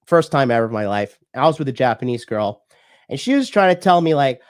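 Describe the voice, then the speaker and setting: A man's voice: medium pitch, lively intonation, fast talker. Blunt, profane American man ranting. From United States. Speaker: dating coach and livestream host. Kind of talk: livestream rant.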